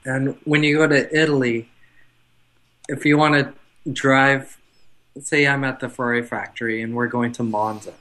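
A man speaking as an interview guest in a steady middle voice. He talks in a measured, thoughtful way, often with small pauses. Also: mid-range voice, rough recording. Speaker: guest, car business owner. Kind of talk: conversational interview.

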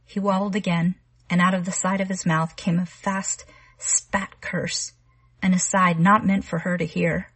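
A woman narrating a literary short story in a measured, quiet reading style. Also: on the low side, level tone, husky, dry recording.

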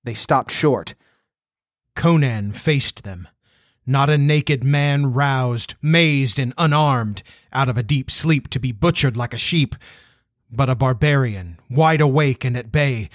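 A man's voice: mid-range voice, no room sound, clean studio sound. Man narrating a sword epic. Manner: measured, dramatic reading. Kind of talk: audiobook narration.

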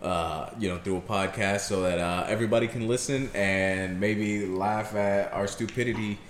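A man's voice: on the low side, steady tone, normal speed. A young man co-hosting a podcast with friends in casual chat, joking, laughing often and tripping over his words. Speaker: podcast co-host. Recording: echoey room with faint noise.

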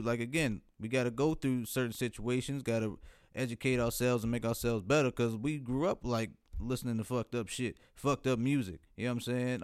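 A man's voice: medium pitch, smooth, no echo, clean studio sound. A man with an African American English accent speaking earnestly and reflectively in a casual group discussion, often checking in with his listeners. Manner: earnest, reflective, with many "you know what I'm saying" fillers.

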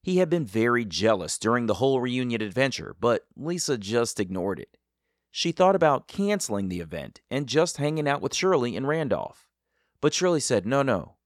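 A man hosting an interview and narrating the story between clips, calm and measured. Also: medium pitch, no echo, clean studio sound. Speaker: podcast host and narrator.

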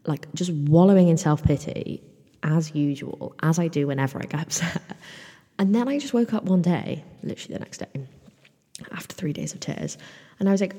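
Low-voiced woman rambling on her podcast. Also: normal speed, mellow, slightly rough, in a large hall. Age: mid-twenties. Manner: rambling and chatty, with lots of "like" and casual swearing. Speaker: podcast host. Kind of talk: casual solo podcast chat. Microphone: microphone, in front of a mirror.

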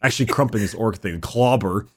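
A man's voice: fairly low pitch, a little fast, husky. A man co-hosting a casual chat, laid-back and wry, with frequent swearing.

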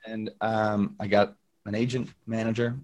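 A man's voice: fairly low pitch, little pitch movement, normal speed, a little mellow. Chatty young man telling stories. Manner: chatty storyteller, lots of fillers and acted-out quotes. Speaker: singer-songwriter guest. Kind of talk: casual interview chat. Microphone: video call.

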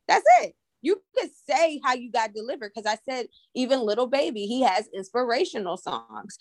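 A woman's voice: a little high, lively intonation, normal speed, no room sound. A woman podcast co-host in casual chat, talking emphatically and laughing often.

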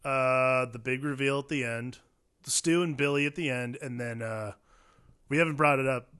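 A man's voice: mid-range voice, moderate pace, bright, forceful tone, smooth. A man in a casual film discussion, loose and chatty, dropping swears and fillers. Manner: loose, swears, lots of likes.

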